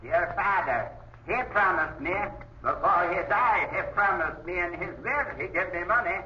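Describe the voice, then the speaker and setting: A man's voice: high-pitched, slight background noise, natural voice. A man playing a menacing bitter gardener. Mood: resentful. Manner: brooding, slow and threatening, breaks into laughter. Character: bitter older male gardener, menacing and obsessive. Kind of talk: 1930s radio drama acting. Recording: muffled old radio recording, roomy.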